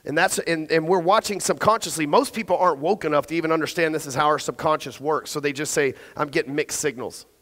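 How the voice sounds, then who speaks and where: A man's voice: a little high, fast talker, few pauses, a bit bright. A middle-aged man giving a blunt, profane sales talk on stage and quizzing the audience. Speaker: conference speaker. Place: large event hall. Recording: long hall reverb.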